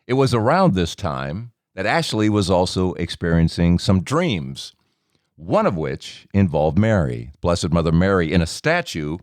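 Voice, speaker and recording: Male podcast host, very deep, lively intonation, dry close mic. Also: unhurried, no room sound. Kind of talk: interview podcast narration and chat.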